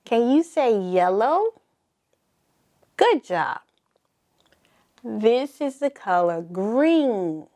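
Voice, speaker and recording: A woman teaching a slow, encouraging lesson for small children, asking them to repeat words after her. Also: a little high, big pitch swings, dark tone. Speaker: preschool teacher.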